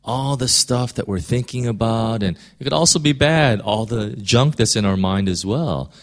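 A man's voice: mid-range voice, moderate pace. A man preaching a casual, conversational sermon, full of fillers, restarts and rhetorical questions to the listeners. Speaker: pastor.

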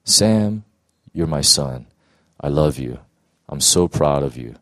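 A man quietly voicing God as a loving father speaking to his son in simple, soft words. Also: rumbling low, animated, slow pace, no echo, pitched below the performer's own voice, heavily acted. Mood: tender.

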